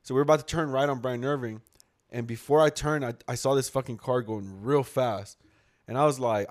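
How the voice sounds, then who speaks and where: A man's voice: medium pitch, fairly even intonation, quick pace, darkish tone. A man co-hosting a podcast, telling road stories in casual chat, swearing a lot and acting out the people he quotes. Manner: swearing storyteller, acts out quotes. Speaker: podcast co-host.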